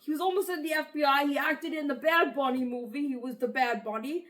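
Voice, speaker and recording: A woman's voice: high-pitched, fairly even intonation, brisk, fairly bright tone. A woman playing a cocky macho male self-help host in a comedy talk-show sketch, boastful and rambling.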